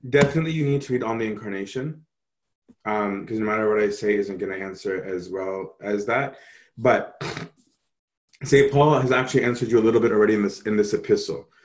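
A man answering questions on Christian theology in a relaxed, conversational way, often checking in with "right?". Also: lowish voice, fairly quick. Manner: animated, conversational, frequent "right?" tag questions. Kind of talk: casual theological discussion.

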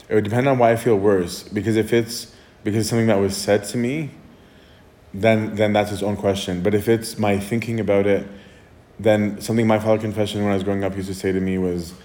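Brief: male priest, low voice, chatty Q&A answers, roomy echoey sound. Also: steady tone, a little fast, darkish tone. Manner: conversational, often adds "right?" and restarts. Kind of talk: casual Q&A talk. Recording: echoey room.

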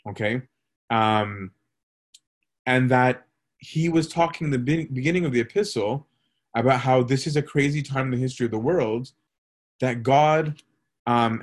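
A male priest teaching on a scripture passage in a relaxed, conversational way, reading verses aloud and often checking in with "right?". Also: medium pitch. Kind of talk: scripture study talk.

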